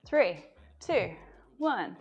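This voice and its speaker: A woman fitness coach giving calm cues during a live-streamed workout. She laughs often and is slightly out of breath. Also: a little high, breathy edge, dull audio. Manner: slow, calm cueing with frequent laughter.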